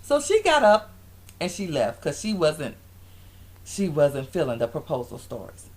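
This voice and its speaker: Animated woman recapping with lively pitch. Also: unhurried. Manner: animated storytelling, acting out quotes in different voices, frequent laughs. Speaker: vlogger reviewing a reality show. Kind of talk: casual recap vlog.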